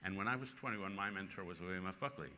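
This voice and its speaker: A columnist in his sixties, the featured speaker at a conference, answers audience questions in a low voice, talking fast. He tells lively anecdotes punctuated by bursts of laughter, and the large hall adds long reverb and faint noise.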